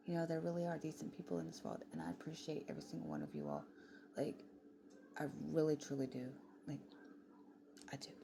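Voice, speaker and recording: Background noise comes through clearly as a woman with a gravelly, low voice rambles in a casual late-night vlog chat. She often drops down to a whisper.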